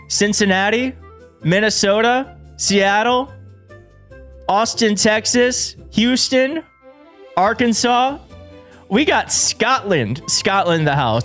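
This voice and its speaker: Excitable man hosting a show. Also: high-pitched, slow, soft background music. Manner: excitable, jokey, frequent restarts. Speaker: show host. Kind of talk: live political commentary show. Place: studio in a big city.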